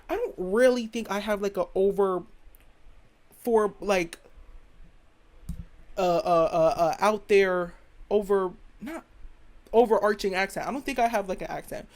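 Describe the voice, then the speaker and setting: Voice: medium pitch, measured pace, long pauses, a little mellow. Chatty slangy American podcast host. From United States. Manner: chatty, slangy, opinionated, rambling. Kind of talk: solo opinion podcast monologue.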